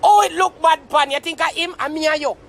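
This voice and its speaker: A man's voice: very high-pitched, brisk, a bit bright. A young Jamaican man ranting on a live stream, mock-tearful and theatrical. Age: young adult. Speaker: social media commentator.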